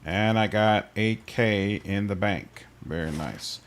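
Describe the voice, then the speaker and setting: A man casually chatting through a game livestream, answering his chat in a relaxed way. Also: on the low side, takes it slowly, slight background noise. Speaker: streamer. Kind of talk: casual gameplay livestream commentary.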